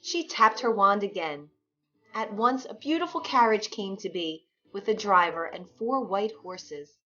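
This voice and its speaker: A woman narrating a fairy tale in a clear, expressive storybook manner. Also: mid-range voice, unhurried. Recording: dull lo-fi sound with faint music.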